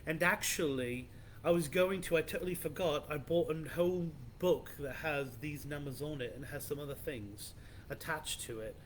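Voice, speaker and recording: Brief: male podcast host, slightly high voice, loose storyteller, faint rumble behind. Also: normal speed. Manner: rambling, loose, many restarts and "like". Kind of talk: casual storytelling of legends.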